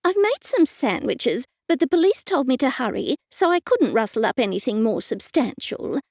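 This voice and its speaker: A woman's voice: sits high, big pitch swings, darkish tone, dry recording, studio quality, heavily acted. A woman doing a bustling, chatty old aunt. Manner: bustling, brisk hostess chatter. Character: bustling, chatty older aunt serving food.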